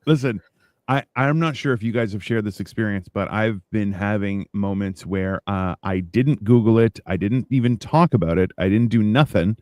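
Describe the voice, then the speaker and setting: Un uomo che conduce un podcast di chiacchiere informali, racconta storie animate e imita i dialoghi con voce più acuta. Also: male voice, moderate pace, no echo, studio quality. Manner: animated storyteller, acts out exchanges in a higher voice. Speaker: podcast host. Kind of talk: casual chat.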